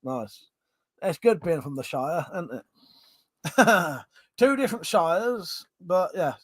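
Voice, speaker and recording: Laughing English man, fairly high voice. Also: lively intonation, dry recording. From Buckinghamshire, England. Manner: jokey and laughing, swears freely, drawn-out repeated agreements. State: having a drink. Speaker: livestream host. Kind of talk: casual live-stream chat, reading viewer comments aloud.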